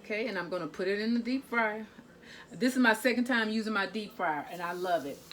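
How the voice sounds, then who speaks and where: A woman's voice: mid-range voice, a little fast, fairly bright tone, slight background noise. Chatty woman cooking on camera. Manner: chatty, talks to viewers as "y'all" and "guys". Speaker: cooking vlogger. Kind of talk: casual kitchen vlog. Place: home kitchen.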